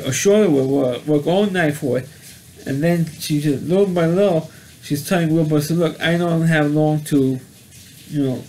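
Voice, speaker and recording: A man giving a casual spoken movie review, halting and often restarting and repeating words. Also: on the high side, a little mellow, a little hiss or hum.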